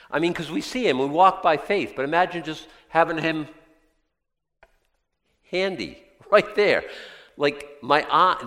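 A man preaching a sermon in a church, conversational and animated, with jokey asides. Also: on the high side, big-room sound. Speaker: pastor.

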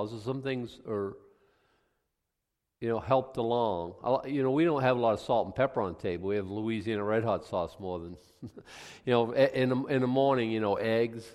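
A man's voice: fairly low pitch, long reverb tail. A man preaching a folksy, conversational Bible lesson, rambling with frequent restarts and homely asides. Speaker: pastor.

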